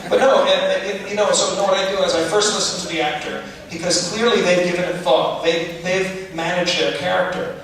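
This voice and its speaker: A film director answering audience questions in a chatty, laughing way at a festival Q&A. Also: male voice, high-pitched, fairly even intonation, a little fast, few pauses, crowd noise. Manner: chatty, laughing asides, restarts. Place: large hall with audience. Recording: echoey hall from far off, audience noise.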